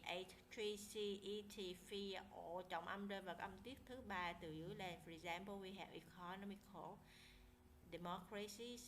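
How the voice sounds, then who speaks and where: A woman's voice: mid-range voice, a bit bright, a little hiss or hum, low-quality recording. A woman with a Vietnamese accent teaching an English lesson, explaining rules step by step and switching between English and Vietnamese.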